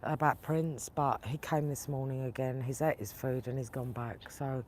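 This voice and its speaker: A woman's voice: very deep voice, fairly even intonation, normal speed, few pauses, a little mellow, slight background noise. A woman hosting a vlog, angrily retelling a run-in with her neighbours and quoting both sides at length. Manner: indignant, retells arguments with quoted dialogue. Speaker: tarot channel host. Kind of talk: casual vlog storytelling.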